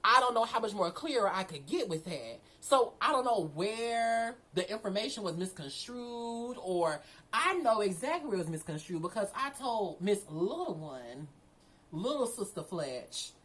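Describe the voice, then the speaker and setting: A young woman casually telling a story from her own life, animated, full of slang and swearing. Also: medium pitch, normal speed, breathy edge, rough recording.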